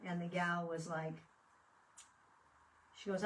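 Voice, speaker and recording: A woman's voice: fairly low pitch, moderate pace, long pauses. A woman chatting casually as she works on a craft project and tells a story. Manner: chatty, storytelling, laughing fits. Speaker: craft video host. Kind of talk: casual chat while crafting. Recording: voice a bit far from the mic.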